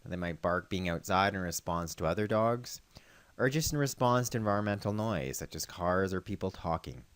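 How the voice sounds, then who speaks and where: A man working as a veterinarian host, explaining dog training in a calm, instructional way. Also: deep voice, normal speed, smooth, no echo. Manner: calm instructional, calling dogs loudly and praising them. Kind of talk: scripted narration with outdoor demonstration.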